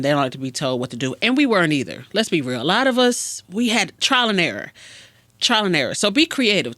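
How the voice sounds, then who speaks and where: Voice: medium pitch, dry recording. A therapist hosting a podcast, giving frank casual advice and acting out little dialogues. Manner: frank, animated, acts out dialogues.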